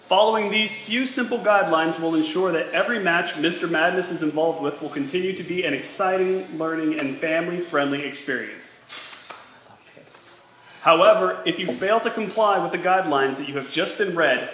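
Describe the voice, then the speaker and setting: A man interviewing backstage and reading a formal statement aloud in a measured way, with dry asides. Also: sits high, fairly bright tone, echoey room, a little hiss or hum, poor audio.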